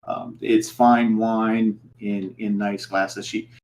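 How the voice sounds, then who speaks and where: A man narrating as game master of a tabletop game, halting with many fillers and restarts. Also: lowish voice, little pitch movement, darkish tone, slight background noise, poor audio.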